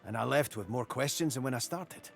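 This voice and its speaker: A wry, blunt dwarf. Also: male voice, medium pitch, lively intonation, fairly quick, vocal fry. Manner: plainspoken, wry. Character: blunt, sceptical male dwarf rebel. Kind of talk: video game dialogue. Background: faint game music.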